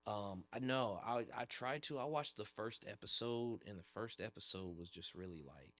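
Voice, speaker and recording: A man's voice: fairly low pitch, moderate pace, fairly bright tone, dry recording. A man co-hosting a podcast, chatting in a laid-back, rambling way with loose slang. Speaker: podcast co-host. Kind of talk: casual chat about anime and games.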